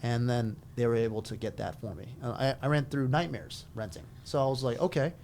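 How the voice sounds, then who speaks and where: A man's voice: medium pitch, fairly quick, creaky, darkish tone, a little hiss or hum. Chatty man telling a story with fillers. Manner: chatty, full of fillers, acts out quoted dialogue. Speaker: veteran guest. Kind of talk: casual storytelling conversation.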